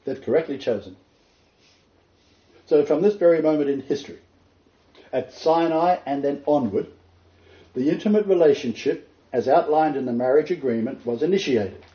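A man delivers a sermon, reading scripture aloud and emphatically repeating his key points to stress them. His voice is on the high side at a moderate pace, captured in a roomy, dull lo-fi recording.

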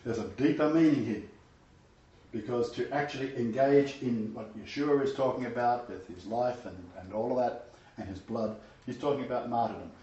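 A man's voice: mid-range voice, moderate pace, dark tone. A man teaching a Bible study, moving between earnest scripture reading and loose, emphatic commentary. He sits some way from the mic, so the room rings around him. The sound is muffled and dull. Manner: emphatic, conversational asides. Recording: roomy, distant, dull sound.

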